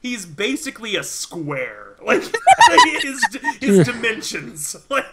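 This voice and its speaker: A man's voice: extremely high pitch, wildly swooping pitch, slow pace, heavy background noise. A man running a tabletop game as game master, narrating loosely, with fillers and frequent laughter. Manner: laughs often, rambling with fillers.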